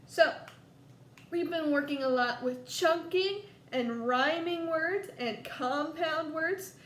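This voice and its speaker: A woman with a Southern US accent teaching a first grade lesson, slow and coaxing, stretching words out for young children. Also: sits high, a bit bright. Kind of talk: recorded distance-learning lesson for young children. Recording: echoey room, faint background noise.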